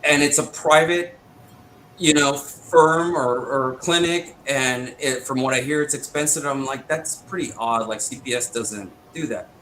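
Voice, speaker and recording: A man at an ordinary mid pitch recounts his own ordeal as an interview guest. He relays each exchange in quick quoted bursts, insistent and indignant, over a faint ambient hum. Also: bright, forceful tone, rough recording. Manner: retells exchanges with quick back-and-forth quotes. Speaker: interview guest, military veteran. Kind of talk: first-person storytelling.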